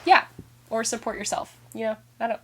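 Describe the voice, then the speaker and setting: A woman's voice: on the high side, fairly quick, noisy background. Chatty young woman with a stuffy nasal voice. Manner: rambling and self-correcting, frequent laughs. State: congested, nasal from being sick. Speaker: book vlogger. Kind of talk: casual vlog chat.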